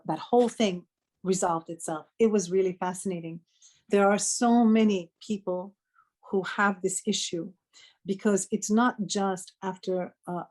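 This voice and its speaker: A woman's voice: lowish voice, darkish tone. A middle-aged woman, a spiritual healer guest on a podcast, telling a personal story in an earnest conversational way with frequent restarts and self-corrections.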